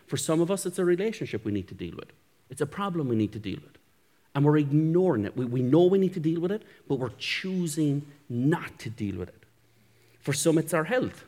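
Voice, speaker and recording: A man's voice: fairly high pitch, very animated, a little fast, warm tone. A male pastor giving a sermon in a conversational, self-deprecating way, often chuckling. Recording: echoey hall reverb.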